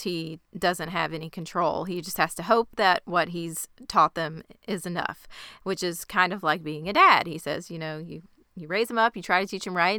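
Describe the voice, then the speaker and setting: A woman with a smooth, bright, slightly lower voice recaps a TV episode in casual chat. The sound is close and dry, with no room echo. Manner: chatty scene-by-scene summary, laughs along. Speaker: podcast co-host recapping a TV episode.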